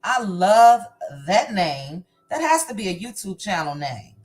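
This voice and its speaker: A woman's voice: mid-range voice, sing-song, unhurried, a little mellow, faint music behind. A woman hosting a casual livestream, reading out and greeting viewers from the chat by name before chatting about the week. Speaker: livestream host.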